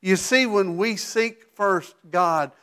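A man with a high voice preaches a sermon from a church sanctuary. His delivery is animated, swelling to emphatic peaks and then falling to a hushed tone for asides. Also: takes it slowly, smooth. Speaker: pastor.

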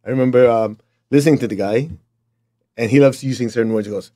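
A man's voice: mid-range voice, fast, long pauses, warm tone. A middle-aged man with a Chinese accent giving a blunt, emphatic motivational talk to his students. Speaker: motivational teacher.

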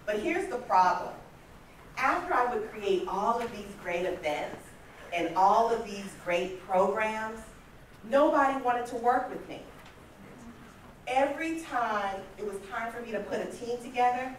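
A woman in her fifties giving a motivational talk at a conference, telling stories in a lively way and acting out the voices she quotes. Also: a little high, unhurried, slight background noise. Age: 50s. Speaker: conference speaker. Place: large conference hall. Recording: echoey hall from far off.

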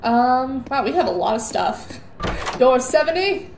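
A woman's voice: high-pitched, very animated, a little slow. A young woman giving jittery, rambling commentary on a horror game and repeating words in nervous bursts. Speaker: gaming YouTuber. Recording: echoey room with faint noise.

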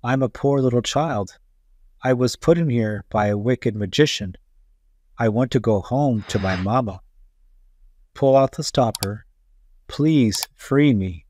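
A man voicing a huge, ugly male monster freed from a bottle in a read-aloud storybook, with a booming, gloating manner. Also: a little slow, pauses often, darkish tone, dry recording, close to an everyday voice. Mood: false pleading.

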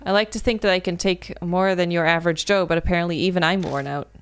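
A woman reading a visual novel aloud as she plays, breaking into loud, animated exclamations and swearing. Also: fairly low pitch, quick pace, clean tone. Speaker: gaming video creator.

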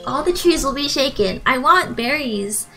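Very high-pitched bubbly woman streamer. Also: expressive, normal speed, bright, forceful tone, soft background music, low-quality recording. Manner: bubbly, gushing, giggly, thanks viewers. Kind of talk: live gaming stream commentary.

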